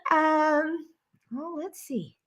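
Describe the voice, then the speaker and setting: A woman's voice: high voice, extremely slow, fairly bright tone. A woman hosting a live stream, reading viewer comments aloud in an enthusiastic, bubbly way and laughing often. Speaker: host.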